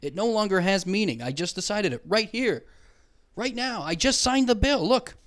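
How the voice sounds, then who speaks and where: A man's voice: high voice, expressive, normal speed, fairly bright tone. A young man hosting a comedy podcast, ranting in a profane, rambling, sarcastic way, speaking into a mic with headphones on. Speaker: podcast host. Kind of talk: comedic rant. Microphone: headphones and studio mic.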